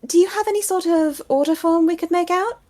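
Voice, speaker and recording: A woman voicing a polite, soft-spoken male companion who talks with small hesitations. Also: extremely high pitch, fairly quick, voice pushed up.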